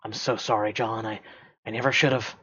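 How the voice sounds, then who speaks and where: A man doing a quiet, remorseful young man. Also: fairly low pitch, fairly even intonation, brisk, breathy edge, no echo, dull audio, exaggerated voice.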